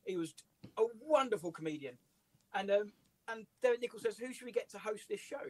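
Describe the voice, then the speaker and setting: English male comedian, high voice, animated storyteller, dry recording. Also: brisk, no room sound. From England. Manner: lively, laughs through his stories. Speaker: comedian and writer, guest. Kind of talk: casual anecdotal storytelling. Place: office.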